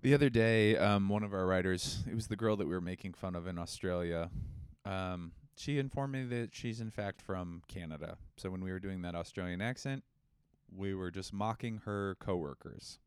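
A man's voice: sits low, normal speed, smooth, no room sound, clean studio sound. A young man co-hosting a podcast in casual comedic chat, joking and slipping into silly voices. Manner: jokey, slips into silly put-on voices. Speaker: podcast co-host.

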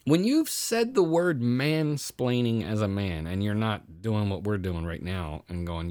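Brief: low-voiced male podcast co-host, lively swooping delivery, ranting and profane, dry close mic. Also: measured pace, hardly any pauses, no echo. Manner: ranting, sarcastic, swears a lot. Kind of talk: profane casual chat.

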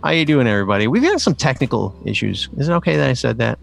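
A man co-hosts a casual live-streamed chat show. His pitch swings widely, and his voice has a gravelly fry. He tells stories with laughter and acts out what others said, with faint music behind him. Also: rapid-fire. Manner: animated, laughing storyteller who acts out quotes.

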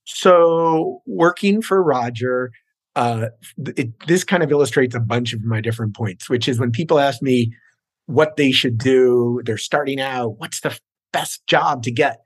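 Genial middle-aged screenwriter, dry sound. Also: male voice, medium pitch, unhurried, slightly rough, no room sound. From New York, raised in New Jersey. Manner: genial, self-deprecating, with frequent uh fillers. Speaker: guest screenwriter. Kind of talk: casual interview.

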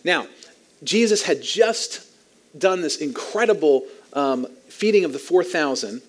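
A man preaching a sermon as pastor, teaching in an animated way with light chuckles. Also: on the high side, unhurried.

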